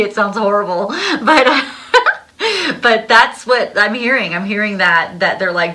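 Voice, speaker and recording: A woman's voice: mid-range voice, expressive, a little slow, pushed and bright. A young adult woman giving a casual tarot reading, bubbly and breathless, laughing often as she talks. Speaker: tarot card reader.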